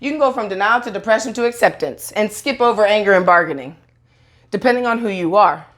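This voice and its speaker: A woman's voice: medium pitch, fast talker, a bit bright. Woman, casual monologue, blunt and profane, rambling, heated. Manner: rambling with restarts, acts out quoted voices. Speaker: online video host.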